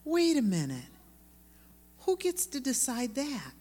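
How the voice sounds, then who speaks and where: A woman preaching to a room of women, earnest and lively as she tells stories. Her voice carries a long reverb, as if from a large hall. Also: high-pitched, slow, faint music behind. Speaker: women's Bible teacher. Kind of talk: sermon to women.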